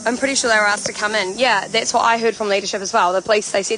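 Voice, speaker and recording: A woman's voice: mid-range voice, racing, few pauses, rough recording. A woman from Canterbury with a New Zealand accent, livestreaming from an outdoor protest camp and talking through events in a chatty way, full of "you know" and "like". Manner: chatty, explains things at length, many "you know" and "like" fillers. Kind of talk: casual livestream commentary. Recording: phone audio with steady background noise.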